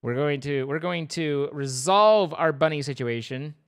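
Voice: mid-range voice, unhurried, clean tone. A young adult streamer giving playful, rambling live commentary over a game, breaking into squeals of mock panic.

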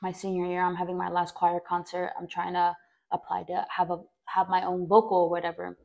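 A young woman's low, gravelly voice tells her own story as a podcast host. She speaks in a flat, even tone and rambles through many fillers. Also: a little fast, muffled recording. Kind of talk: personal storytelling monologue.

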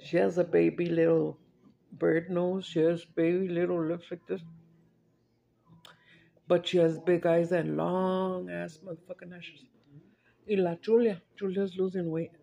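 Brief: woman vlogger, gravelly voice, rambling eat-and-chat storyteller. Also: fairly low pitch, flat delivery, a little slow, pauses often, mellow. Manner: rambling chatty storyteller, mixes in Spanish, laughs often. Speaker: mukbang vlogger. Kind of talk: casual chat while eating.

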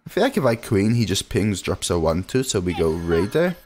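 A man's voice: deep voice, sing-song, a little fast, darkish tone. A man streaming a card game, chatting casually and reading viewer messages aloud between plays. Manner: casual, chatty, reads chat aloud and answers it.

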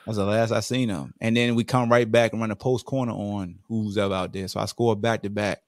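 A man from Virginia, a podcast guest telling football stories in a casual, lively way. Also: fairly low pitch, a little fast, no echo, clean studio sound. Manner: lively storyteller who acts out what others said. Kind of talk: casual storytelling interview.

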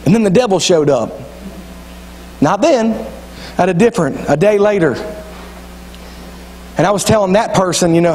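Pastor, high voice, folksy storytelling sermon in a reverberant sanctuary. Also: male voice, moderate pace, pauses often, darkish tone, a little hiss or hum. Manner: folksy storytelling preacher, repeats phrases, drops into quoted voices. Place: church sanctuary. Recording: long church reverb.

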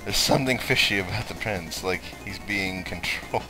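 A young man commentating on his own gameplay, cursing and shouting at the game. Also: low-pitched, normal speed, faint music behind, low-quality recording. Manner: profane, excitable, shouts and curses at the game. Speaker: let's play host.

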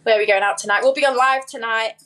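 A woman's voice: fairly high pitch, fairly even intonation, fast talker, a bit bright. A young woman with a Yorkshire accent, chatting casually on a livestream, reading viewer comments and giggling often. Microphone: phone.

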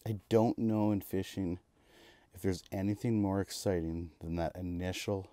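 Excitable ice-fishing man, fairly low voice. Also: moderate pace, no room sound. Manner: excitable, bursts of cheering and repeated exclamations. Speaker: fishing vlogger. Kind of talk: live commentary while ice fishing. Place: ice fishing shelter on a frozen lake.

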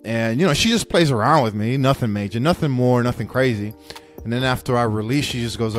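A man's voice: mid-range voice, fast, soft background music. A young man hosting a podcast, telling a candid, profane story with many restarts. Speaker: podcast host. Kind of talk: casual storytelling monologue.

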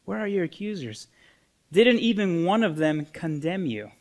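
A man voicing Jesus within a sermon's story retelling, calm and measured. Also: high voice, voice pushed up. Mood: gentle. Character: Jesus, calm grown man, firm then gentle.

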